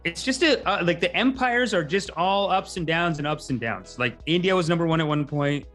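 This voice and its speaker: Higher-voiced man rambling comedically. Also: a bit bright, faint music behind. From Canada. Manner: rambling, tangent-prone, quick asides. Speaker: podcast host, comedian. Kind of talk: casual comedic monologue.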